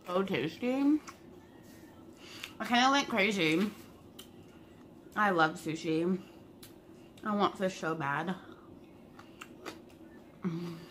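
A woman's voice: medium pitch, drawn-out words, pauses often, a bit bright, a little hiss or hum. A young woman talking casually to her viewers while she eats, chatty and swearing freely. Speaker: vlogger. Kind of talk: casual mukbang vlog.

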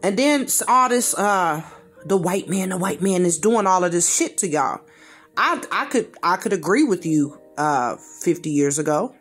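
A woman's voice: lowish voice, animated, moderate pace, slightly rough, faint music behind. A woman giving a blunt reaction rant in slangy, informal speech, repeating phrases for emphasis. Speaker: commentator reacting to a video.

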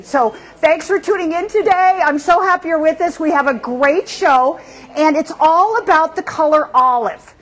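Middle-aged lady hosting a live fashion show, high voice, gushes over every outfit. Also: normal speed, low-quality recording. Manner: gushing, effusive.

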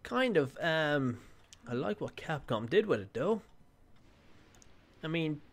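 A man's voice: a little high, very animated, slow. A man giving casual, joking let's-play commentary as he plays, swearing freely. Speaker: gaming channel host.

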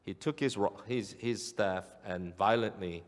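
A man's voice: lowish voice, a little slow. A male pastor preaching a sermon, emphatic and repeating key phrases for weight. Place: church sanctuary. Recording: long church hall reverb.

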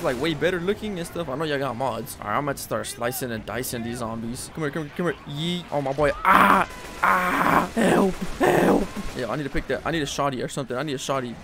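Fast, hyped young man gaming. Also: a little high, noisy background. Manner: hyped, slangy, yelling when attacked. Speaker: gaming YouTuber. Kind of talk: gameplay commentary.

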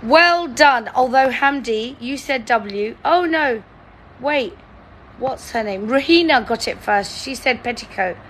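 A woman's voice: on the high side, measured pace, fairly bright tone, a little hiss or hum. A woman, hosting a live-stream word-guessing game in a chatty, teasing, playfully dramatic way. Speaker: livestream host.

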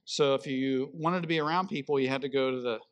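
A man preaching a sermon, telling a Bible story in an animated way and acting out the people in it. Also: mid-range voice, quick pace, smooth. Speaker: pastor.

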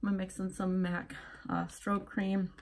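A woman's voice: medium pitch, flat delivery, normal speed, vocal fry. A young pregnant woman chatting casually as she gets ready at home, a little out of breath and rambling with lots of fillers. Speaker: vlogger. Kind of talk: casual getting-ready vlog.

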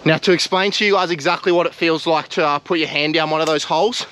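A young Australian man vlogging outdoors, talking excitedly and casually to his viewers, with plenty of slang. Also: on the high side, quick pace. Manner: excitable, slangy, swears mildly, addresses viewers as guys. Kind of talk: casual vlog narration to camera. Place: outdoors in mangrove mud flats.

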